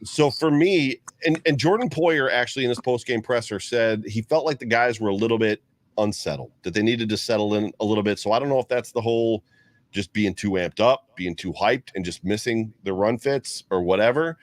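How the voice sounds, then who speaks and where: A man co-hosting a casual sports talk show, excitable and rambling as he reads out viewer comments. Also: fairly low pitch, brisk, no echo. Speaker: co-host.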